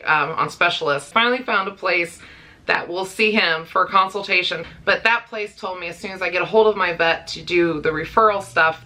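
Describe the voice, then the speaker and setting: Bright-voiced chatty woman vlogging. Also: on the low side. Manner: chatty, rambling with fillers and little laughs. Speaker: pet vlogger. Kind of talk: casual talking-to-camera vlog.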